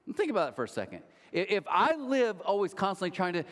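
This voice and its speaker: A man in his thirties preaching a sermon, telling stories with lively acted-out quotes. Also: high voice, fast, hardly any pauses. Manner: animated storytelling with acted-out quotes. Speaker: pastor. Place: large church hall. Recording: long hall reverb.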